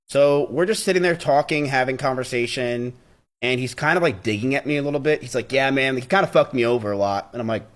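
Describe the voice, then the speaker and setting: A young man talks to his stream in a casual, blunt way and swears often. His voice sits at an ordinary middle pitch. He tells the story in a heated, rapid flow and acts out the quoted lines. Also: a bit bright. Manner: blunt, profane, heated retelling with quoted dialogue.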